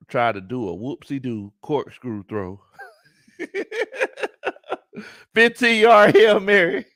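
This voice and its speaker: A man hosting a live sports talk stream, animated, laughing often and greeting his chat. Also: mid-range voice, no room sound, studio quality. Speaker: sports talk show host.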